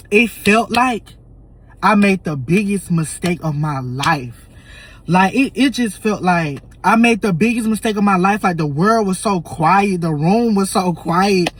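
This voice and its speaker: A man's voice: sits high, slightly rough. A young man telling an emotional personal story in a vlog, acting out the lines he and his family said. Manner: animated, emotional storytelling with reenacted quotes. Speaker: vlogger.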